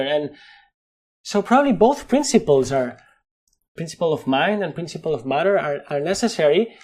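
A middle-aged man with a Spanish accent, speaking as a guest in a thoughtful interview, animated, often restarting his sentences and laughing at himself. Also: on the high side, normal speed. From Spain. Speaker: guest, neuroscientist.

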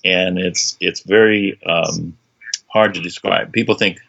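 Low gravelly guy in an interview, husky, lots of ums and restarts, kinda dull lo-fi sound. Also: fairly bright tone. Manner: halting, many fillers and restarts. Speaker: interview guest, medium. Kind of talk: conversational interview.

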